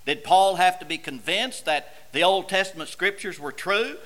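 A man preaching a sermon, moving between quiet verse explanation and loud, emphatic repetition. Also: high-pitched, animated, unhurried.

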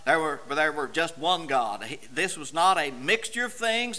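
A man preaching a sermon, moving between quiet verse explanation and loud, emphatic repetition. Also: a little high, animated, moderate pace, few pauses.

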